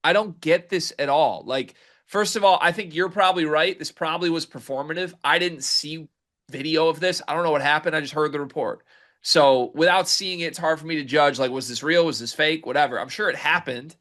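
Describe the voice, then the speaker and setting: A man's voice: a little high, sharp tone. Emphatic man hosting sports talk. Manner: emphatic, incredulous, rambling. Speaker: sports podcast host.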